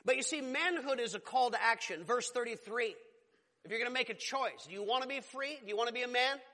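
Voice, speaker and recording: A pastor delivers an emphatic sermon in a bright, ringing voice that sits high for a man. His exclamations climb in force as he preaches. Long reverb from a church hall trails each phrase. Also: quick pace.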